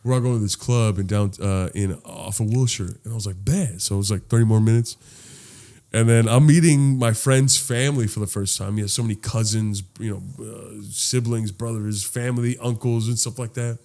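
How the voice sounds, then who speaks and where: A man co-hosting a podcast, telling a story in casual chat, animated and laughing, swearing freely. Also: fairly low pitch, brisk. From Los Angeles. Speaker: podcast co-host.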